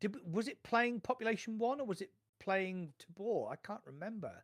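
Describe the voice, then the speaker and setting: A man co-hosting a casual podcast, joking and excitable. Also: sits high, a little fast. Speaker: podcast co-host.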